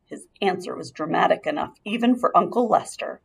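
A woman reading a children's chapter book aloud, her narration full of lilt and swinging pitch. The voice has a gravelly, slightly husky texture, and she shapes each sentence expressively for young listeners. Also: fairly quick. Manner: expressive, lively storyteller. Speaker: audiobook reader.

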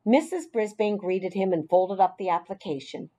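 A woman narrating a children's audiobook in a clear, expressive storytelling voice. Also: medium pitch, moderate pace.

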